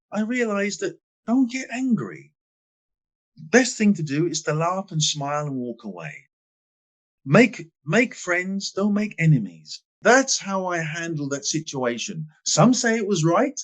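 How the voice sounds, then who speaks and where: A man in his sixties from England, a guest in a podcast interview, telling stories with emphatic stress and quiet asides. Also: fairly high pitch. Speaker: guest, former footballer. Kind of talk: animated storytelling in a podcast interview.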